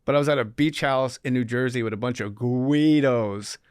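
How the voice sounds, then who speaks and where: A man hosting a podcast, telling animated, wry stories about his life in comic storytelling style. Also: mid-range voice, normal speed, clean tone, dry recording, studio quality. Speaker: comedian podcast host.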